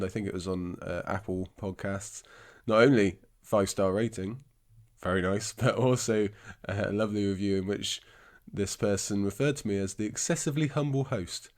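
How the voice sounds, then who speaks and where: An English podcast host with a lowish, darkish voice chats casually about books. He's congested and scratchy-throated, and his talk rambles in a self-deprecating way.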